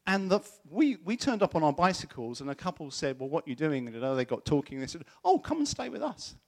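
A middle-aged preacher, his voice on the high side and his pace quick, delivers a sermon built around a personal story. He tells it animatedly, impersonating the voices of those he quotes.

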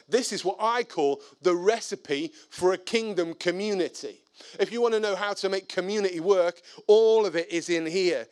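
A male preacher with a fairly high voice, speaking in a lively, conversational way. He moves between personal anecdotes and reading scripture aloud, in a sermon setting. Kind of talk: sermon with storytelling.

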